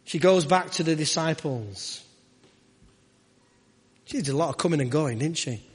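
A man's voice: on the high side, lively intonation, normal speed, breathy edge, long reverb tail. A man preaching a sermon and leading prayer, with rhythmic repeated phrases and rhetorical questions. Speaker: pastor. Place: church.

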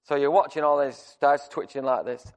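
A man preaching a sermon, telling a personal story in a conversational, animated way with many restarts. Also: fairly high pitch, moderate pace. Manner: shouts to act out screaming.

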